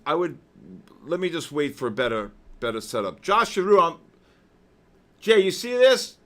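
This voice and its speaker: Excitable man calling out names on a trading stream. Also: moderate pace. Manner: excitable, shouts out viewers' names, heavy trading jargon; drops to low, weary muttering while reading questions. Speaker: day trader hosting a live trading session. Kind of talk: live trading-stream commentary.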